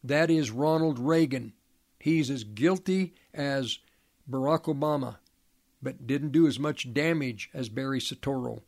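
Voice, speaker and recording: A man giving a preaching monologue, halting and often repeating or restarting words, pressing his points with emphatic rhetorical questions. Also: medium pitch, a little mellow.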